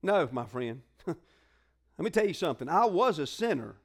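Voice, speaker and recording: Male preacher, high-pitched, chatty call-and-response sermon delivery. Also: very animated, moderate pace, creaky. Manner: conversational, call-and-response preaching with colloquial asides. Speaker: pastor.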